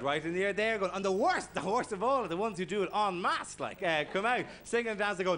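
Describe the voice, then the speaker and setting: A man with an Irish accent doing a stand-up comedy set, animated and bursting into shouts. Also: sits high, moderate pace. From Ireland. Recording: noisy live stage recording.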